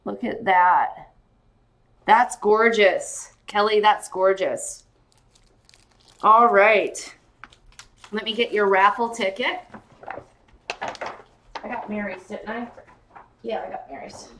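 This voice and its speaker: A woman with a mid-range voice speaks at a slow pace, pausing often, as she hosts a casual jewelry live-stream sale. It's late, and she sounds giddy and tired, gushing excitedly and calling viewers by name.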